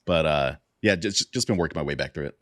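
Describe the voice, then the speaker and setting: A man's voice: very deep voice, quick pace, no room sound, clean studio sound. A man co-hosting a podcast, asking questions in an easygoing, casual way. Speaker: podcast co-host. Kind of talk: casual chat.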